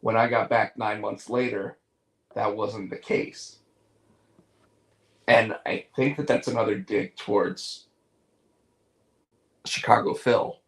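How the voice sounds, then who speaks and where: A man's voice: on the low side, creaky. A man hosting a podcast in casual chat, rambling animatedly and restarting his sentences. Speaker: podcast host. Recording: echoey room.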